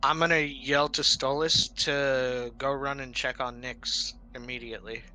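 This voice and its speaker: A man's voice: medium pitch, flat delivery, measured pace, pushed and bright, rough recording. A man playing a tabletop game, asking short questions and declaring moves. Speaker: player. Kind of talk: tabletop role-play chat.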